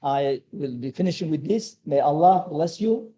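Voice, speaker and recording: A man's voice: fairly high pitch, animated, moderate pace, warm tone, dull audio. A man giving an earnest sermon-like talk at a religious study circle, repeating his key advice, with a delivery.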